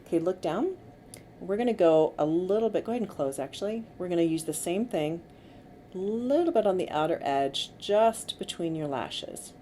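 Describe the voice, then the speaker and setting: A middle-aged woman working as a makeup artist, giving gentle, coaxing instructions to a client during a tutorial. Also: lowish voice, expressive, normal speed. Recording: faint background noise.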